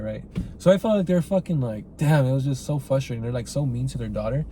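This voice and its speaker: A man's voice: medium pitch, fast talker, warm tone, a little hiss or hum. A man hosting a podcast, giving a casual, rambling film review full of swearing and "like" and "right?". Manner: rambling and profane, heavy use of "like" and "right?".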